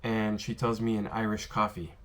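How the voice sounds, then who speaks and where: Low-voiced man rambling through bar stories. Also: little pitch movement, moderate pace, fairly bright tone. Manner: rambling, filler-heavy, lots of "you know" and "um". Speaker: former bartender telling stories. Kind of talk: casual storytelling to camera. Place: worked in Las Vegas.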